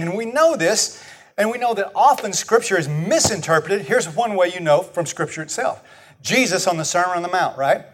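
Male pastor, high voice, slow unhurried delivery, chatty sermon. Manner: conversational, questioning the congregation, animated.

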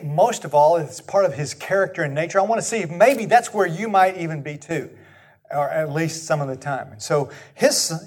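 A man's voice: high voice, breathy edge. A man in his sixties preaching a sermon in a conversational way, asking the congregation questions. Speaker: pastor.

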